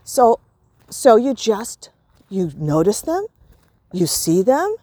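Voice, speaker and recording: A woman teaching in a relaxed, conversational way, her voice mellow and warm. She leans on fillers like "you know" and "right" and acts out gentle talk to a child as she explains. The sound is dry and close, with no room around it. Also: medium pitch, slow, dry recording. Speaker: parenting and emotions teacher. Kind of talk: informal spoken lesson.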